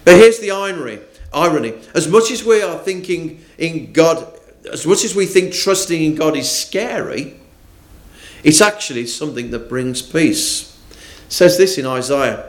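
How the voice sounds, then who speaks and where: A man preaching a morning sermon, reading scripture and speaking with deliberate emphasis. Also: fairly high pitch, expressive. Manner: slow, deliberate, with rising and falling emphasis.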